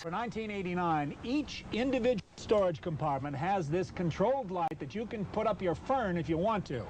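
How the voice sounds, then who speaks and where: An exasperated male announcer swears nonstop between flubbed commercial lines. His voice sits fairly high and swings widely in pitch, from sharp outbursts to low grumbles. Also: slight background noise, poor audio. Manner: profane, exasperated, cursing. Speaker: voice-over announcer. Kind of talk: blown commercial takes.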